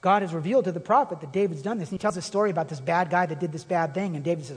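A man preaching a sermon as a pastor, animated and emphatic, with a husky voice. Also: high-pitched, very fast. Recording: long reverb of a hall.

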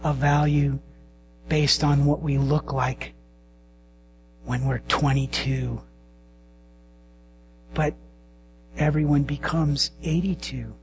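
Slow, hushed-preaching man. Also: on the high side, fairly even intonation, a little hiss or hum. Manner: slow and intimate, dropping to hushed whispers. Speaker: pastor. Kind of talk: sermon.

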